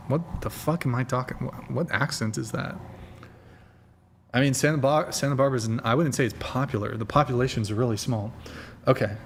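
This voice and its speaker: A man's voice: medium pitch, brisk, slight background noise. Young male streamer host, rambling and profane, casual chat at a desk mic, mid-range voice. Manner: loose, rambling, swears casually.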